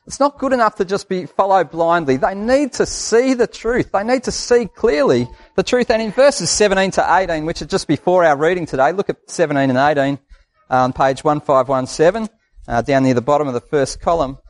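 A man's voice: fairly high pitch, fairly quick. An Australian man preaching a sermon in a conversational, folksy way, repeating phrases for emphasis.

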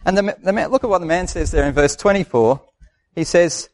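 A man's voice: high-pitched, brisk. An Australian man preaching a sermon in a conversational, folksy way, repeating phrases for emphasis.

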